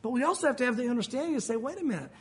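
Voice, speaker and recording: Lively-pitched man preaching a sermon. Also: rapid-fire. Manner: conversational preaching, acts out quoted voices. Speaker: pastor.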